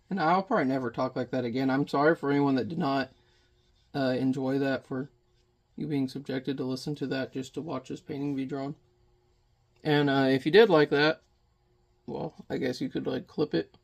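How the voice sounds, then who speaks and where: A man's voice: mid-range voice, steady tone, moderate pace, creaky. A man in his thirties rambling and joking with mild swearing as he chats casually while painting at home. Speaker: painting vlogger.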